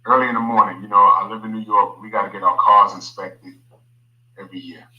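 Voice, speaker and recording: A man telling a personal story in a casual, animated way, with frequent asides to his listeners. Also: on the low side, brisk, dull audio. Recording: echoey room, played from a video.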